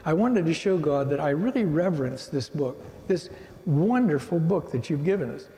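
A man's voice: a little high, lively intonation, moderate pace, mellow. An older man giving a rambling church testimony, telling his life story with many restarts. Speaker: guest speaker giving testimony. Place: church sanctuary. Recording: reverberant hall.

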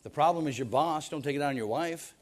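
A man's voice: fairly high pitch, quick pace. A man preaching a sermon, firing off rhetorical questions and stumbling over repeated words as he presses his points. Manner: emphatic preaching with stammered restarts and rhetorical questions. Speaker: pastor.

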